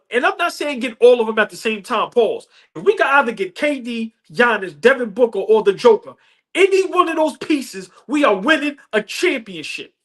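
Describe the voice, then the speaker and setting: A man's voice: very high-pitched, a bit bright. Male sports host, fan rant, emphatic and profane, hammers points with repetition. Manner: passionate, emphatic, repeats lines for effect; profane, slangy street talk. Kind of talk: fan rant about basketball.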